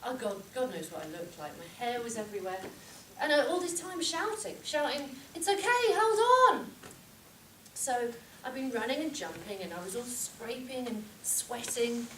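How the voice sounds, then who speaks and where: A woman giving a humorous club speech, telling a story with lively shouted reenactments. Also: fairly high pitch, moderate pace, hardly any pauses. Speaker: contest speaker. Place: club meeting room with audience. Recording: echoey room from far off, noisy.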